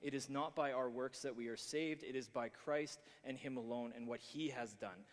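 A man delivers a sermon at an ordinary middle pitch, often stopping and restarting his sentences. His voice rings out with a long reverb from a church hall. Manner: halting, many restarts and fillers. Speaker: preacher.

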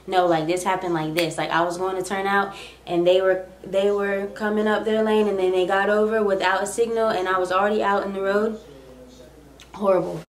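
A young woman vlogger telling a story in a casual, rambling, animated way. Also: mid-range voice, brisk. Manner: chatty, rambling, animated retelling. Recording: echoey room.

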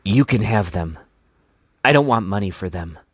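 A man's voice: on the low side, lively intonation, normal speed, slightly rough, no room sound. A man reading aloud, voicing a polite, determined young village boy. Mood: earnest. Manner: polite, earnest.

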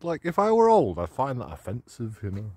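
A man's voice: mid-range voice, huge pitch swings, fairly quick, dark tone, breathy edge, no room sound. A man, walking outdoors and giving mocking commentary to his phone camera while laughing at his own jokes. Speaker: vlogger. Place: outdoors on city streets.

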